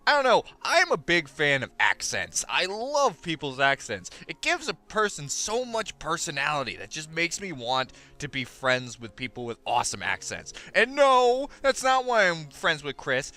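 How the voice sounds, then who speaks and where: A man's voice: medium pitch, huge pitch swings, moderate pace, bright, forceful tone, faint music behind. A man with a goofy, self-mocking manner, rambling through casual gaming commentary into a headset mic. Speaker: let's play host.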